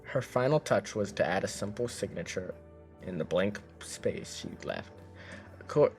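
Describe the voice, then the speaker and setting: A man's voice: fairly low pitch, animated, measured pace, darkish tone, soft background music. Casual man reading a story game aloud. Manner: casual, stumbles over words and jokes between lines. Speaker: streamer. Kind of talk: reading a visual novel aloud.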